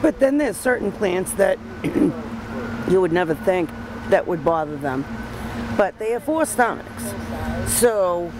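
A woman in her fifties, a goat farm owner, answering interview questions outdoors in a halting, rambling way. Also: medium pitch, lively intonation. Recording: noisy outdoor recording.

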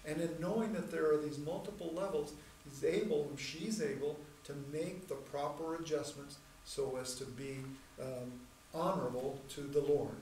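A man teaching a church class in a measured, deliberate way, repeating key points and slowing down to stress terms. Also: on the high side, a little mellow. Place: church hall. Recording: echoey room, mic far off, faint noise.

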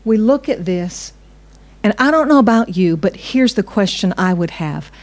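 A woman's voice: mid-range voice, lively intonation, normal speed, darkish tone. A woman pastor, preaching a conversational sermon and putting questions to her congregation.

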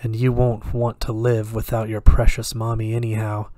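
A quiet, cruel devil, voiced by a man reading a horror tale, who savours each word in a slow, hushed purr. The delivery stays level and narrow in pitch, menace held under the breath. The sound is dry and close, with no room around it. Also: completely flat delivery, no echo, lightly acted. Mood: gloating. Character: soft-spoken sinister male devil, teasing and cruel.

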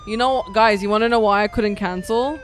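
A woman's voice: mid-range voice, a little fast. A young woman streaming games live, swearing constantly and ranting at the game when it frustrates her.

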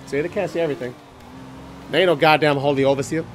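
A man casually commentating a video game playthrough, excitable and joking, swearing often and singing bits to himself. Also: fairly high pitch, quick pace, long pauses, soft background music. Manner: excitable, swearing, jokey, sings snippets. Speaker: gaming channel host. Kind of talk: let's play commentary.

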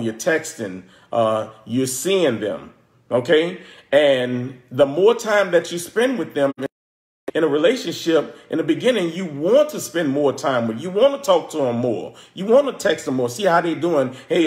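A man's voice: a little high, a little mellow, reverberant. A man giving informal Bible teaching, talking conversationally, often restarting words and checking in with "okay?". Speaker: preacher.

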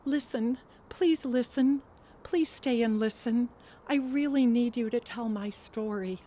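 A woman's voice: high voice, fairly even intonation, normal speed, warm tone, voice pushed up. A woman voicing the spirit of a young woman, speaking in an urgent, pleading way.

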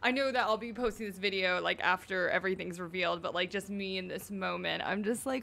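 A woman's voice: mid-range voice, fairly quick, gravelly, hardly any pauses, fairly bright tone. A young woman chatting casually as she reacts to a show, gushing and bubbly, full of "like" and "y'all".

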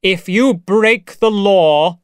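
A man voicing a stern, commanding male scientist who rules over beast-people, speaking slowly and loudly. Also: fairly high pitch, clean tone, no echo, clean studio sound, close to an everyday voice. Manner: loud, slow, imperious commands.

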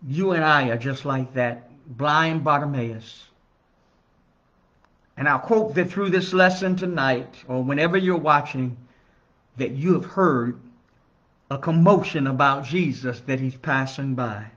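A man's voice: mid-range voice, a bit bright. Earnest male minister teaching, lo-fi. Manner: measured, earnest teaching with emphatic rises on key phrases. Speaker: minister teaching a Bible study. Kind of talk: Bible study lesson. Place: church. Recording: dull lo-fi recording.

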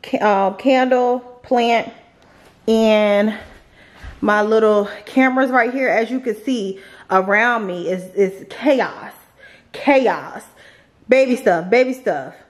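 A woman's voice: on the high side, takes it slowly. A woman, chatting casually to her viewers in a home vlog. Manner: chatty, talks straight to viewers with y'all. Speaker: vlogger, mother of young kids.

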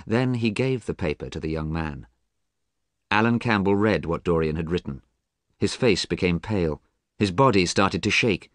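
A deep-voiced man narrates a storybook from a script, audiobook style, with lively intonation at a normal speed. The studio-quality recording has no room sound at all.

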